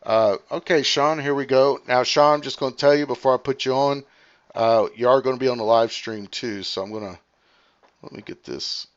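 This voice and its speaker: A man hosting his own livestream and chatting casually. He rambles and thinks out loud with lots of fillers, talking fast as he reads comments. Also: mid-range voice, muffled recording. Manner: talks fast while reading comments. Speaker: livestream host.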